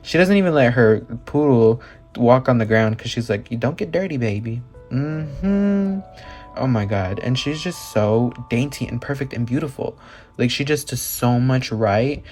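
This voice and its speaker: Excitable guy vlogging, gushing nonstop, lots of likes and swearing, middle pitch, soft music behind. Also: normal speed. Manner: gushing and excitable, heavy filler words, casual swearing. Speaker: doll collector and reviewer. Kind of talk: casual vlog commentary.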